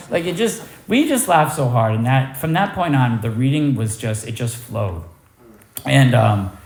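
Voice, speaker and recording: A man giving a personal recovery testimony at a meeting, telling it candidly with self-deprecating humor. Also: on the low side. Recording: echoey room.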